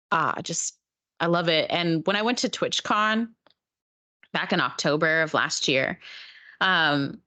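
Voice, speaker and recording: A woman's voice: fairly low pitch, bright, forceful tone. A woman from Oregon, a streamer and dancer, chatting as a podcast guest and laughing often. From Oregon, USA. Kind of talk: casual podcast chat.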